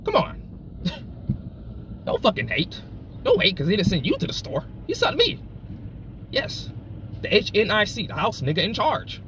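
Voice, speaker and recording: A man's voice: high voice, wildly swooping pitch, unhurried, pauses often, exaggerated voice. Male comic as a cocky, foul-mouthed working guy bragging from his car, heavy road noise. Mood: boastful. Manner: profane, boastful, taunting. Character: brash, crude, self-satisfied working man. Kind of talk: comedic character monologue.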